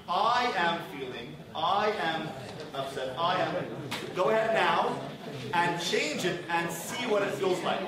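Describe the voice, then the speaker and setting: High-voiced rabbi lecturing in an echoey hall. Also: male voice. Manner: prompts the audience with repeated questions. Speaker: rabbi teaching a marriage class. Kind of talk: interactive class lecture. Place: large synagogue hall with a packed audience. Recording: echoey hall from far off, audience noise.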